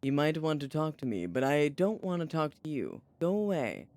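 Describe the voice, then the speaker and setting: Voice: medium pitch, sing-song, moderate pace, a little mellow. A streamer voicing a haughty, standoffish French house cat in a story game, reading its lines in a curt, dismissive way without a French accent.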